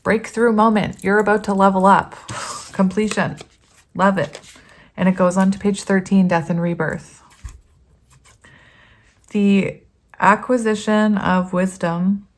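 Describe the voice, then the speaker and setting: A woman's voice: mid-range voice, steady tone, slow, pauses often. A woman giving a casual tarot reading to her viewers, chatty and rambling, often laughing and reading card meanings aloud. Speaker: tarot reader.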